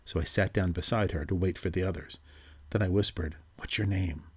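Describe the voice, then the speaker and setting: Male narrator, low and husky, measured and steady, reading a ghost story.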